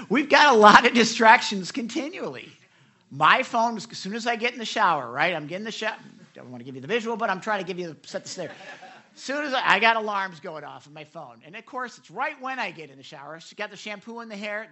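A man preaching a sermon to a live church audience, animated and chatty, acting out quotes with many restarts and laughs. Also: sits high. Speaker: pastor.

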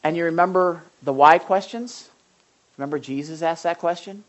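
A woman preaching an impassioned sermon, often repeating and restarting words as she builds to loud cries. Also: lowish voice, normal speed, dull audio.

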